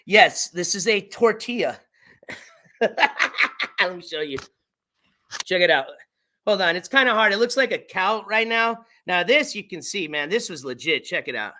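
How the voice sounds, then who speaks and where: Bright-voiced man rambling casually on stream. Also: sits high, lively intonation, moderate pace. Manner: laid-back, rambling, swears casually. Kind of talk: casual livestream chat.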